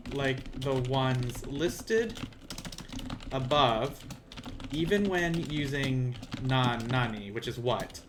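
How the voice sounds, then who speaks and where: Over a noisy background with keyboard typing, a Southern US man with a mid-range voice teaches a language on a casual livestream. He rambles, thinks aloud and is self-deprecating.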